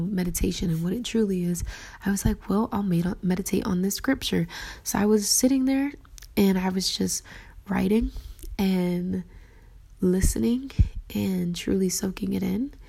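A woman giving a casual devotional talk about her journaling, earnest and reflective, often dropping into a soft whisper. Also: fairly low pitch, breathy edge. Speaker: faith vlogger sharing her journaling.

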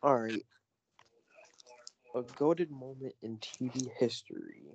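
A man's voice: medium pitch, slow pace, vocal fry, lo-fi sound, slight background noise. A young man co-hosting a casual podcast chat, joking around in slang and losing his train of thought. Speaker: podcast co-host.

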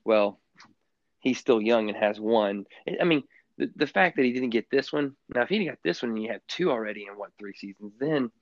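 A man co-hosting a sports podcast in casual chat, rambling with lots of halting restarts. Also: medium pitch, expressive, no echo. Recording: dull, muffled lo-fi sound.

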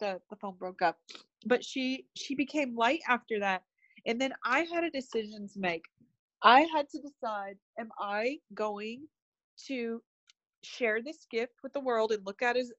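A woman's voice: on the high side, a bit bright, dry recording, highs cut off. A woman guest telling a personal story in conversation, earnest and emotional, hesitant with many fillers and restarts. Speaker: interview guest, spiritual medium.

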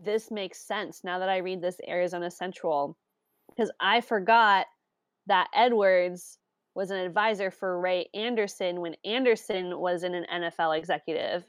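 A woman co-hosting a casual sports podcast, swearing freely, laughing often and reacting with loud disbelief. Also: lowish voice, normal speed, smooth, no room sound. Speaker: podcast co-host.

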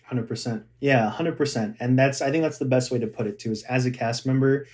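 A man's voice: medium pitch, fairly quick, a little mellow. Enthusiastic man telling a story. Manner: enthusiastic storyteller, laughs often. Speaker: guest, former theme park cast member. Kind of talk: casual chat.

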